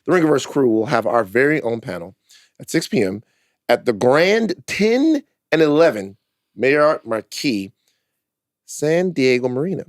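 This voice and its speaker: A man's voice: mid-range voice, sing-song, measured pace, dry recording, clean studio sound. A man hosting a podcast in casual, playful chat, hyping up the show and its listeners. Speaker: podcast host.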